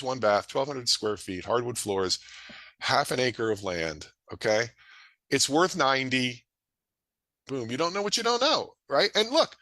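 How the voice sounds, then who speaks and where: Guy mid-life, animated sing-songy delivery, bright punchy voice, dry close mic. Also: no room sound. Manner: energetic, folksy, acts out dialogue with rising pitch. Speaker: real estate investor presenting a webinar. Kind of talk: animated presentation to an audience.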